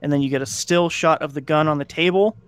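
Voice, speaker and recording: Brief: male podcast co-host, slightly high voice, rambling casual retelling full of fillers, dry studio sound. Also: fairly even intonation, quick pace, smooth, dry recording. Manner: rambling, lots of "like" and restarts, acts out quoted lines. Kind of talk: casual chat, retelling a film plot.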